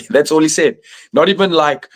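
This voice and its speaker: A man's voice: on the high side, measured pace. A young man talking casually on a podcast panel, rambling with many fillers and restarts. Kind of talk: casual chat.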